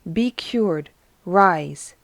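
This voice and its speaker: A woman voicing Jesus as a calm, commanding grown man who speaks in a solemn, gentle and firm way in a storybook reading. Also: fairly low pitch, drawn-out words, creaky, dry recording, full character voice.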